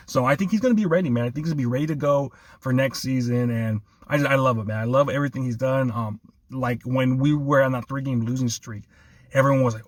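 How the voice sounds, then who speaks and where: A man's voice: medium pitch, fast, dry recording. A man hosting a casual sports chat, laughing often and talking with enthusiasm. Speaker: sports podcast host.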